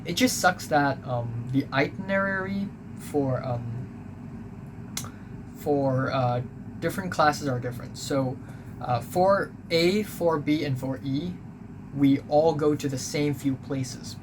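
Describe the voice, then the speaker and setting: This young male vlogger speaks slowly in a fairly high voice while casually recounting his school days. His delivery rambles, is packed with ums and uhs, and comes across as offhand and blunt. A constant background noise hums through the home recording.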